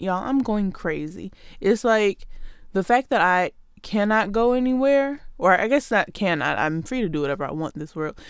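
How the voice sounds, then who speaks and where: A woman's voice: on the low side, smooth, no room sound, clean studio sound. A woman hosting a show, delivering a sarcastic, exasperated comedic rant straight to her listeners. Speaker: podcast host.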